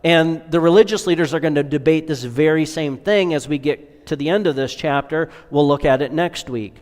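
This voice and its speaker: Pastor preaching in a reverberant hall. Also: male voice, fairly high pitch, moderate pace, a little mellow. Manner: rhetorical questions, rising to emphatic peaks then dropping to near-whispers. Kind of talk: sermon.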